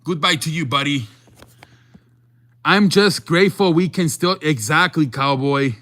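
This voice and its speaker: A young man hosting a sports stream, talking loosely to his chat with lots of restarts. His voice sits a bit high and sounds bright and forceful. He keeps it casual and unscripted. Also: a little slow. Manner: rambling, restarts, reads chat aloud. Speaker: sports show host.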